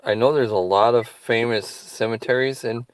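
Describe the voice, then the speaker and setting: A man's voice: medium pitch, steady tone, moderate pace, no room sound. A man hosting a casual livestream interview, asking questions and reading out viewer questions. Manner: asks questions, reads out viewer questions.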